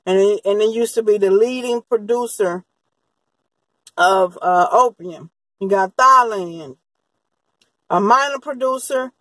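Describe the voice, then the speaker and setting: A woman's voice: medium pitch, no room sound, rough recording. A woman giving a rambling, unscripted crime-history monologue, full of fillers and restarts. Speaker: true-crime commentator.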